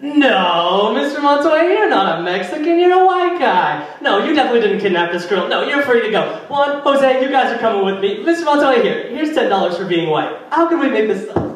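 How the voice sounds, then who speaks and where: A comedian putting on a high, fawning cop. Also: male voice, very animated, a little fast, hardly any pauses. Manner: high, apologetic, overly eager. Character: fawning male police officer. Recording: echoey room, far from mic.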